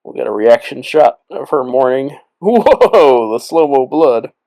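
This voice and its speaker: A man's voice: medium pitch, moderate pace, gravelly, dark tone, rough recording. A tipsy man co-hosting a movie watch-along, rambling and trailing off between laughs in casual commentary.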